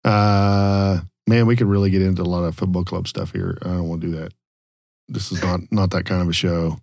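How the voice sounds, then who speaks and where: A man's voice: sits low, flat delivery, fairly quick, gravelly, darkish tone, dry recording. A man hosting a casual podcast over drinks, laughing often and teasing his guests. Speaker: podcast host.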